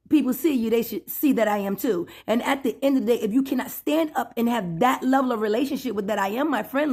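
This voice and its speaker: A woman ranting in a satirical sermon style, preachy and profane, stretching out emphatic phrases and bursting into loud outbursts. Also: high-pitched. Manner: preachy and profane, calls listener 'boo' and 'my friend'. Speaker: self-styled spiritual preacher.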